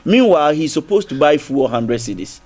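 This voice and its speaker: His tone a little high, sing-song and darkish, a Ghanaian English-accented man argues briskly on a TV panel. The debate is heated, and he keeps restarting and circling back with rhetorical questions.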